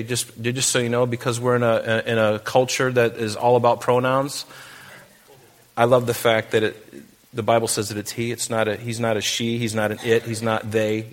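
A man teaching verse by verse in a conversational sermon, with joking asides and slow, deliberate reading of scripture. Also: medium pitch. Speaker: pastor.

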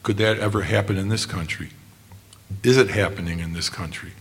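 Low-voiced, earnest male preacher. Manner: earnest, measured, slows on quoted passages. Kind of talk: sermon.

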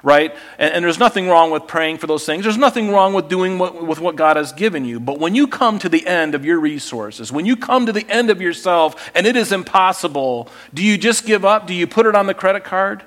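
A male pastor preaching a sermon in a conversational, animated storytelling way. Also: high voice, fairly quick, hardly any pauses.

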